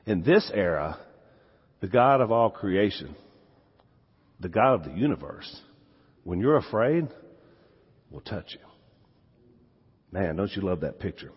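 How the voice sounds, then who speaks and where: A man with a Southern US accent delivers a sermon in a lively, sweeping voice that rises for emphasis and drops to quiet asides. His tone is a touch husky. The sound is dull, with a long reverb trailing through a big hall. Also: sits low, a little slow, long pauses. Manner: animated, swings from loud emphasis to quiet asides. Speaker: pastor.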